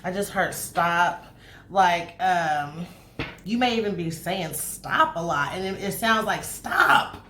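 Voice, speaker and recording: A woman giving a casual tarot reading to camera, chatty and animated, swearing freely and acting out spirit messages. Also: on the low side. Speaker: tarot reader. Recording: echoey room, faint noise.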